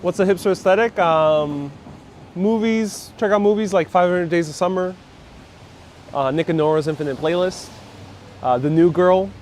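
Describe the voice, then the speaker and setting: Walking busy city streets, this man hosts a relaxed live stream, reading out viewer comments and laughing a lot in an upbeat way. His voice sits high with a darkish tone, and he keeps a moderate pace. Sound comes through a wireless clip-on mic with his phone on a gimbal, faint traffic audible behind him.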